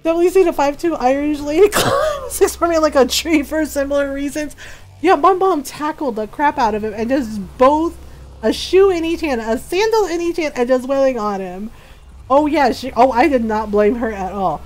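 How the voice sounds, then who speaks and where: A woman with a high, light voice chats casually on her live stream, telling a story in an animated way. She laughs often between lines, and her talk stays loose and conversational. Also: normal speed, rough recording. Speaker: game streamer.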